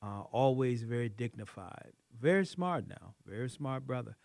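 A man hosting a radio talk show, asking questions in a relaxed, drawling manner. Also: mid-range voice, normal speed, vocal fry, no room sound. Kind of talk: casual interview chat.

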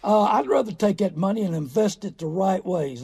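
A middle-aged man, hosting a radio talk show in a folksy, preachy way with sudden loud bursts. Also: high voice, expressive, normal speed, hardly any pauses, husky. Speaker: radio show host on car buying.

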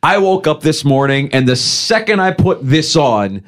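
A middle-aged man co-hosting a sports radio show in casual, animated chat, often mimicking other voices. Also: fairly high pitch, normal speed. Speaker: co-host.

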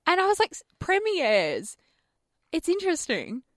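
A woman's voice: medium pitch, animated, a little fast, bright, forceful tone, no room sound, clean studio sound. A woman co-hosting a radio show, chatting casually and animatedly, often laughing. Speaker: radio co-host.

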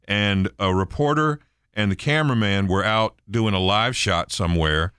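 A middle-aged man co-hosting a radio show, telling animated stories and mimicking people. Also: fairly low pitch, moderate pace, clean tone, no room sound, studio quality. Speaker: radio co-host. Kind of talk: casual banter.

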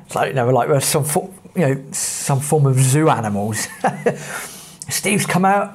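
A man's voice: medium pitch, sing-song, a little slow, slightly rough. A man from England with an English accent, a podcast host telling travel anecdotes in a chatty way with plenty of fillers. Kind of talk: casual travel storytelling.

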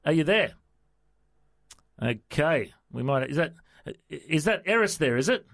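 A man hosting a call-in radio show, passing the talk between callers and guest in a friendly, brisk way. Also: on the high side, animated, creaky, fairly bright tone. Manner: friendly, brisk turn-taking. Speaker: radio host.

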